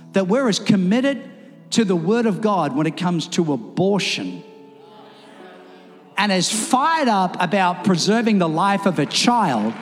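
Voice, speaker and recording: A man preaching a sermon in a church, telling stories and acting them out with lively, rising delivery. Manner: animated, acts out his stories with rising pitch. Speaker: pastor. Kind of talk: sermon with storytelling. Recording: reverberant church hall with music.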